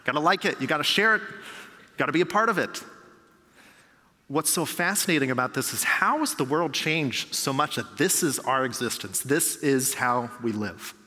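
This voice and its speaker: Bright-voiced pastor preaching in a big hall. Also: male voice, medium pitch, expressive, moderate pace. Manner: conversational, acts out quoted people for humor. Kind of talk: sermon. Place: large church hall. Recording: long reverb of a large church hall.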